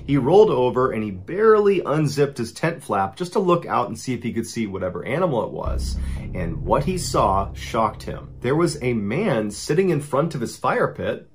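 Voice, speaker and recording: A man narrating true scary stories as a host, building suspense and rising in pitch and loudness at the tense moments. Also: slight background noise. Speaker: storyteller host. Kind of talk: dramatic true-story narration.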